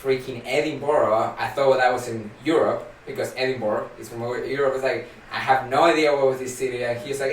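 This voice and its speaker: A man's voice: medium pitch, fairly even intonation, brisk, hardly any pauses, distant mic, slight background noise. Argentine-accented young man, echoey and off-mic. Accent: Argentine Spanish. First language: Spanish. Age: young adult. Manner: rambling, many "like" fillers, laughs easily. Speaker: guest. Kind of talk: casual podcast chat. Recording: echoey room, off-mic, faint ambience.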